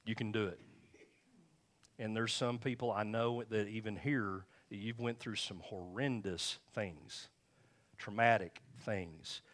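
A man with a fairly low voice preaches a sermon in a relaxed, conversational way. He drifts between scripture reading and stories from his own marriage, chuckling as he goes. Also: measured pace. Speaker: pastor. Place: church.

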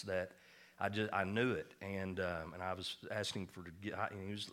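A male pastor tells a personal story in his sermon, folksy and self-deprecating. His voice sits fairly low yet sounds bright and forceful. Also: steady tone, moderate pace.

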